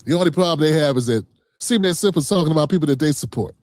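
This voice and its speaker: A man's voice: fairly high pitch, animated, racing, darkish tone, dry recording, clean studio sound. A man streaming a reaction, talking back to a clip in a combative, profane, mocking way. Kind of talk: heated reaction commentary.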